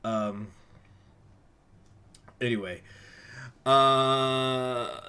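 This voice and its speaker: A man's voice: medium pitch, moderate pace, a bit bright. A man streaming a strategy game, reading event text aloud and joking crudely with his chat between passages. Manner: casual, laughing, crude asides between read-aloud passages.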